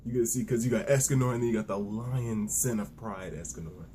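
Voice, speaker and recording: A young man giving a casual, excitable and profane manga review, retelling scenes with lots of restarts. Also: fairly low pitch, fairly quick, a little hiss or hum. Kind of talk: casual solo review rant.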